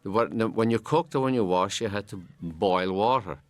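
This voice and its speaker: Deep-voiced older man, halting recollection. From Ireland. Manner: halting, repeats words while recalling. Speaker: film commentator. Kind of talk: audio commentary.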